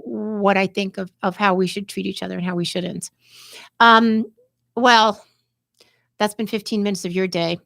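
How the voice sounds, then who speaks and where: A woman's voice: mid-range voice, dry recording. A woman hosting a podcast livestream, talking in heated, impassioned bursts, restarting sentences and swearing as she reads and answers comments. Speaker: podcast host.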